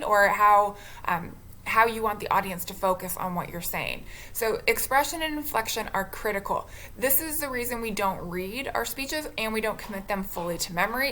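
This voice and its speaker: A woman speech instructor giving a recorded lecture on delivery, talking in a conversational, expressive way with a few restarts. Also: medium pitch.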